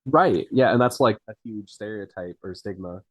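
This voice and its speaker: A man's voice: fairly low pitch, normal speed, no room sound, poor audio. A man who writes fiction, a guest on a podcast, talking in a rambling way with many fillers. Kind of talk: casual interview chat.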